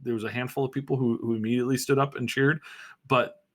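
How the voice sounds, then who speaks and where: A man's voice: medium pitch, fast. Rambling man on a casual podcast. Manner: rambling and animated, with frequent restarts and fillers. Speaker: podcast host.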